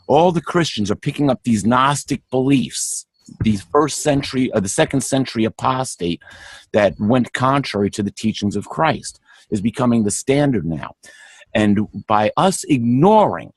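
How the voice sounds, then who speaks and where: A man's voice: medium pitch, sing-song, normal speed, husky, no echo. A middle-aged man speaking on a panel, fervent and preachy, often stumbling and restarting mid-sentence. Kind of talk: impassioned spiritual talk.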